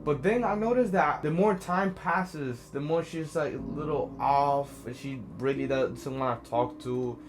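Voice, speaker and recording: A man's voice: a little high, measured pace, few pauses. A man telling a personal story in a casual, conversational way, often checking in with "right?" as a social anxiety coach. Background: background music.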